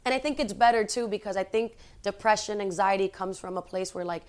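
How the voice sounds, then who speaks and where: A young woman in her twenties, an actress, talks as a guest in a loose, casual interview. She rambles and circles back, leaning on "like" and "you know", with a voice of middling pitch. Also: fast. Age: 20s.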